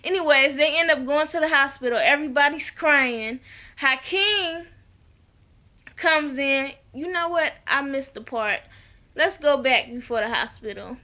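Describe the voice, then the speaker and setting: Woman reviewer, high and bright, animated casual recap addressed to viewers. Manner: animated storytelling, talks straight to viewers. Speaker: TV episode reviewer.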